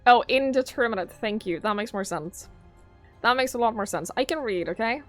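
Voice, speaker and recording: On the high side and animated, this young woman's voice moves at a moderate pace as she livestreams. Hailing from southern Norway, she chats casually with viewers in a rambling, relaxed style, often breaking into laughter. Music plays faintly behind her.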